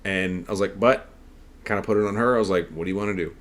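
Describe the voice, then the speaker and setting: A man's voice: deep voice, quick pace. A man hosting a podcast, telling a story in an earnest, rambling, conversational way. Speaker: podcast host. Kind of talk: casual storytelling monologue.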